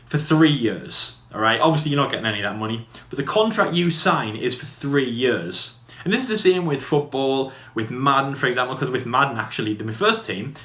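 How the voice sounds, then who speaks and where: A man co-hosting a podcast, chatting casually in a quick, rambling way full of fillers and restarts. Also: medium pitch, expressive, fairly bright tone. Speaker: podcast co-host. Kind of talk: casual debate chat. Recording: echoey room.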